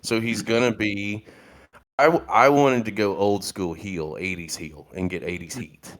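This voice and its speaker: A man's voice: on the low side, a little slow, fairly bright tone. A man who is a podcast guest, bluntly walking through how he planned something, step by step, in casual chat. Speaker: guest writer.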